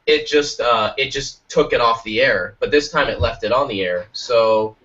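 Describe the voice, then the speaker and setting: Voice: medium pitch, moderate pace. A podcast co-host in casual chat, joking and reacting with laughter. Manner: lively, jokey, reacts with laughter. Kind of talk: casual chat over a call. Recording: distant, dull lo-fi call audio.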